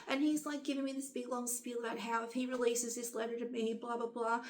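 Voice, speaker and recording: A woman's voice: fairly high pitch, level tone, brisk, a little hiss or hum. A young woman chatting casually to her camera, rambling and growing exasperated as she retells things. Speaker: vlogger.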